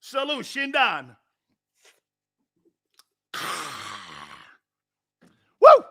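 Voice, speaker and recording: A middle-aged man hosting a sports talk show, reading viewer comments and hollering back at them with loud, teasing laughter. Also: high-pitched, wildly swooping pitch, very slow, creaky, long pauses, no echo, studio quality.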